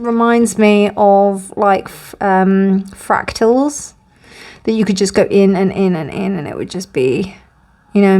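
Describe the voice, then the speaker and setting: A woman's voice: mid-range voice, a little mellow. A woman giving a pick-a-card tarot reading, chatty and rambling, calling her viewers "my darlings".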